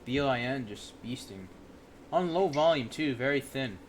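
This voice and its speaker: A man's voice: medium pitch, moderate pace. A young man hosting a day-trading livestream, chatting loosely and leaning on "you know" fillers. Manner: relaxed, filler-heavy, lots of "you know". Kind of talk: casual chat. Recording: faint background noise.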